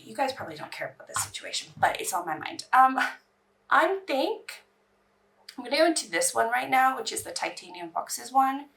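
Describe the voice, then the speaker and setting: A woman's voice: mid-range voice, sharp tone, distant mic. A woman beauty vlogger in casual get-ready-with-me chat, rambling and anxious as she talks.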